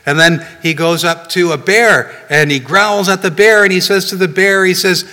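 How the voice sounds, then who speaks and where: Pastor guy preaching casual-like, lots of "you know", bright voice, big reverb in the church. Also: a little high, expressive, moderate pace, few pauses. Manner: conversational, frequent "you know" and "right?" asides. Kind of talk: sermon. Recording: long reverb of a hall.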